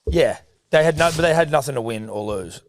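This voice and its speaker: A man's voice: medium pitch, lively intonation, brisk, no room sound. An Australian man co-hosting a sports podcast, rambling and joking as he tells stories and reads ads. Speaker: podcast co-host. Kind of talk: casual sports banter.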